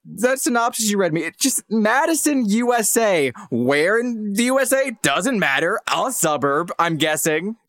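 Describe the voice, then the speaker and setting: A man's voice: high voice, no room sound, clean studio sound. A young man co-hosting a news podcast, joking and riffing in casual banter. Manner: wry, animated, quick to laugh. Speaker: podcast co-host.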